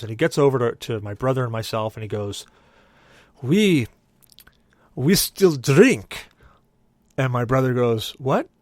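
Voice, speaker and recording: A man co-hosting a podcast, telling a long story in a casual, animated way and acting out what everyone said. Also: medium pitch, no room sound, studio quality. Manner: animated, acts out the lines of the people in his story. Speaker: podcast co-host.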